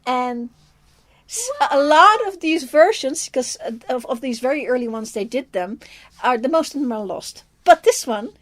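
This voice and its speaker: Dutch-accented woman, fairly high voice. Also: lively intonation, moderate pace, a bit bright. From Netherlands. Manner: chatty, laughs often, thinks aloud with restarts. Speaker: film reviewer, co-host. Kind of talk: casual chat.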